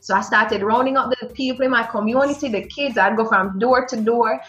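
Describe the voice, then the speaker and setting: Jamaican woman, interview guest, animated storyteller, higher voice, faint music behind. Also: fairly quick, echoey room, dull audio. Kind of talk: personal storytelling.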